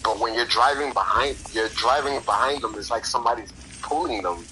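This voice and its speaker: Against a noisy background, a podcast host chats casually and spins anecdotes loaded with slang and swearing, laughing often as he goes. He speaks fairly quickly in a mid-range voice.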